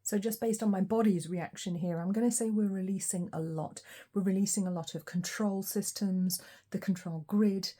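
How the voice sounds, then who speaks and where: Woman, tarot reader, warm mellow voice, reflective, unhurried, lots of ums and pauses. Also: medium pitch, fairly even intonation. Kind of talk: collective tarot reading.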